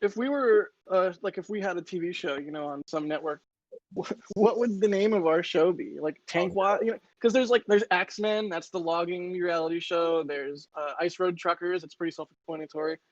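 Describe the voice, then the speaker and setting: A man's voice: sits high, brisk, dry recording, lo-fi sound. A man co-hosting a casual livestream, joking and rambling with frequent restarts. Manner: joking, rambling, self-interrupting. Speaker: livestream co-host.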